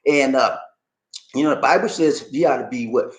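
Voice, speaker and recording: A middle-aged man hosts his channel in a casual livestream chat, speaking in a mid-range voice at a moderate pace. He reads viewer comments aloud and quotes scripture in a preacherly manner. The room has a noticeable echo.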